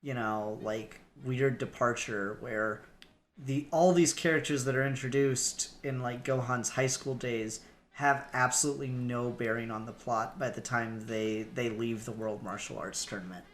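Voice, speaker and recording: Male podcast co-host, casual chat, animated delivery, faint noise in the background. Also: medium pitch. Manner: animated, acts out scenes in quick bursts.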